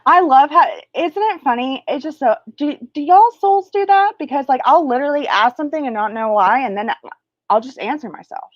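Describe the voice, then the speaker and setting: A woman with a high-pitched voice hosts a spiritual livestream, chatting casually and crassly while rambling and losing her train of thought. Her teaching delivery is slow and drawn-out, with no room sound and the highs cut off.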